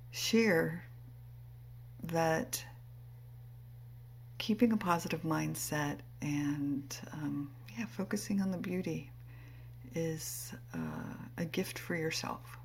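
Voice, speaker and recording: A woman podcast host speaking casually and reflectively, with many pauses and fillers. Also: deep voice, vocal fry, slight background noise. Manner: unhurried, reflective, warm laughter between phrases. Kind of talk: casual spoken intro.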